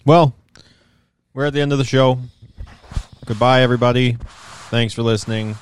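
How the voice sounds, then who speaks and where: A man's voice: mid-range voice, steady tone, moderate pace, smooth. A young man with a Minnesotan accent, hosting a podcast in casual chat, laid-back and wry. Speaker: podcast host.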